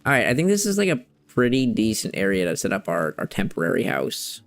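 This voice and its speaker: A man's voice: lowish voice, wildly swooping pitch, brisk, faint music behind. Rambling young man chatting mid-game. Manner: rambling, loose slang, searching for words. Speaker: streamer. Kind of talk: casual chat while playing a game.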